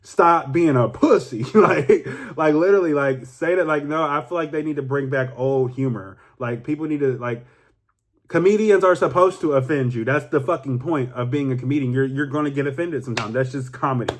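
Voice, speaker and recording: A young man, casually talking through a vlog with animated, rambling, profane speech full of fillers. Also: a little high, a little fast. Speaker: YouTuber.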